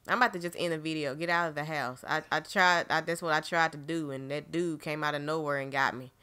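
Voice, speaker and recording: Into a desk microphone, a woman gives let's play commentary on a horror game for her gaming channel, jumpy, exclamatory, and talking directly to viewers. Her tone is bright and sharp, though her voice is deep and her pace moderate.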